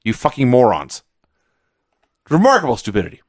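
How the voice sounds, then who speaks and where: A middle-aged man co-hosting a wrestling podcast, telling stories in an animated, sarcastic way. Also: mid-range voice, brisk. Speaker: podcast co-host. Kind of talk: casual wrestling review chat.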